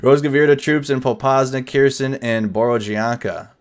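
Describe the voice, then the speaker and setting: A man hosting a nightly war update live stream, commenting over footage in a casual, energetic, chatty way. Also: mid-range voice, normal speed.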